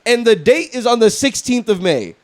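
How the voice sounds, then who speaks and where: A young man co-hosting a podcast, telling a story in a casual, animated way, swearing and acting out what people said. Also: very high voice. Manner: fast, animated, swearing, acts out quotes. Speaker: podcast co-host.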